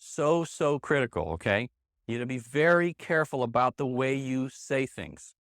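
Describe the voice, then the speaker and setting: A man's voice: medium pitch, moderate pace, fairly bright tone, dry recording, studio quality. A man teaching a live sales seminar to a room of trainees, punchy and emphatic, hammering key points again and again. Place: meeting room with an audience. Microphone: handheld microphone.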